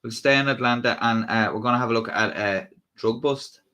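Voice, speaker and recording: A man's voice: medium pitch, brisk, pushed and bright, smooth. A man giving casual, rambling live-stream commentary on police footage, with wry asides and frequent restarts. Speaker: streamer reacting to police clips.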